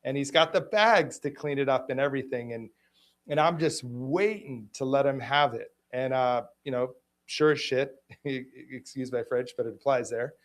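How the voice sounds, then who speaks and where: A middle-aged man hosting a personal conversation, speaking haltingly with many restarts. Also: mid-range voice. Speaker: host.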